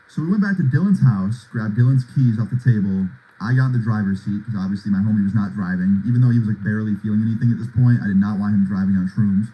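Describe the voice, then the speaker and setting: A man's voice: mid-range voice, fast, dark tone, slightly rough, poor audio. A young man in his twenties telling a story on a livestream in laid-back, slangy talk full of "like" and "bro". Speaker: livestream host.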